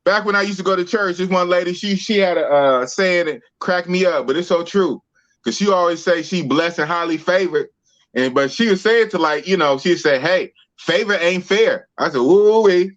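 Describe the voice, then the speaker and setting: High-voiced slangy man, lo-fi stream. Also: a little fast. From Oakland, California. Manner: slangy, playful storytelling. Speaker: podcast host. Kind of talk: casual chat.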